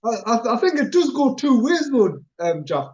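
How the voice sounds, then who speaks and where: A man's voice: very high voice, normal speed, highs cut off. A middle-aged man, hosting a casual chat show and telling an anecdote while chuckling at himself. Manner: animated storyteller, chuckles at himself. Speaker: radio show host.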